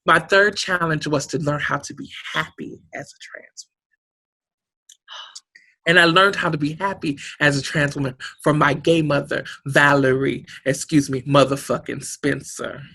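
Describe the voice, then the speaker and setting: A woman's voice: low-pitched, fairly even intonation, moderate pace, gravelly, pushed and bright, breathy edge. A woman guest in a heartfelt interview, speaking emphatically and passionately, with a preacher-like, rousing manner and salty language. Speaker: guest, community organization director.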